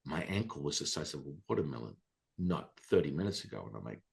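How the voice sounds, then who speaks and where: A man telling a personal story as a podcast guest, animated and excitable, with casual profanity. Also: low voice, quick pace, vocal fry.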